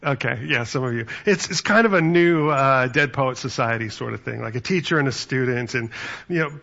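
Pastor guy chatting through a sermon, bright voice, kinda muffled lo-fi sound. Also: medium pitch, brisk, creaky. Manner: conversational, storytelling with acted-out quotes.

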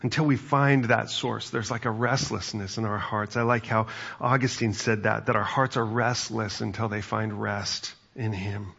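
A man's voice: on the low side, steady tone, moderate pace, gravelly, a bit bright, slightly rough, dull audio. A male pastor preaching a sermon in an earnest, reflective way, often restarting his phrases.

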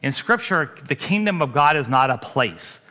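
A man's voice: on the high side, very animated, normal speed, pushed and bright. A man, a pastor, preaching a sermon in a conversational way, asking his congregation questions.

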